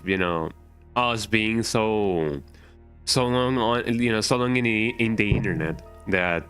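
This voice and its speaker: A man's voice: fairly low pitch, fairly bright tone, clear, resonant tone. A man streaming a game, chatting casually in a rambling way with many fillers and restarts, his first language Spanish. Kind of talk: casual gaming stream chat.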